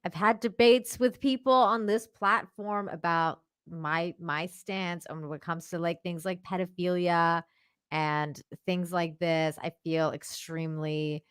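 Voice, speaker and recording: A woman guest talks bluntly and with emphasis, swearing freely in a fairly low voice. Her sound is dry and close to the mic. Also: steady tone, unhurried, fairly bright tone, clean tone, dry recording. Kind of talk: casual commentary chat.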